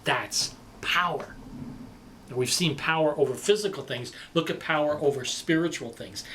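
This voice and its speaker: A male preacher giving a sermon, with dramatic delivery that swings between loud emphasis and quiet passages. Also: fairly high pitch, a little fast, a little hiss or hum.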